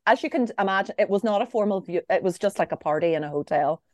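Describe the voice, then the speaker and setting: A woman's voice: medium pitch, fast talker, dry recording. A young woman co-hosting a casual chat, telling a funny story and laughing through it. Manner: lively storyteller, laughing through her own tale. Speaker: podcast co-host.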